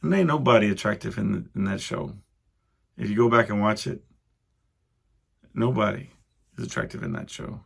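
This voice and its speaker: Young man, podcast host, low-pitched, gravelly, meandering solo chat. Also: normal speed, pauses often. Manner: meandering, full of fillers and asides.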